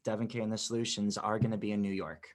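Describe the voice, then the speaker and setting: A man's voice: fairly low pitch, flat delivery, quick pace. A man talking as a musician guest on a podcast, in an eager, rambling way. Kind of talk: casual interview chat.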